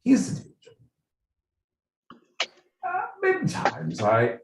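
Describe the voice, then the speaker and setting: A man's voice: high-pitched, wildly swooping pitch, drawn-out words, slight background noise, pitched above the performer's own voice, heavily acted. A man putting on a pompous mock-British gent. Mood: grandiose. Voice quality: grand, swooping exaggerated delivery. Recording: echoey room, mic at a distance.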